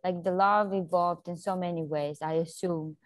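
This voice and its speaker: A woman interviewer who talks haltingly, searching for words with many restarts. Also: on the low side, fairly even intonation, dry recording. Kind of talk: casual interview conversation.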